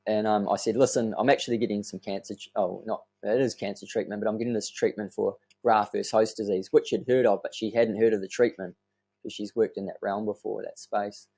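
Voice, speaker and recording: New guy in his thirties, a podcast guest; lowish voice, earnest and animated, swears freely. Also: a little fast, slightly rough. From New Zealand. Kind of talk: casual storytelling chat.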